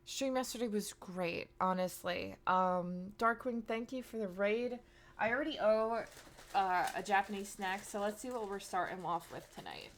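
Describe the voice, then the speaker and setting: A woman's voice: mid-range voice, normal speed, heavy background noise. A woman in her thirties chatting casually to her live-stream audience, rambling with plenty of fillers. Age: 30s.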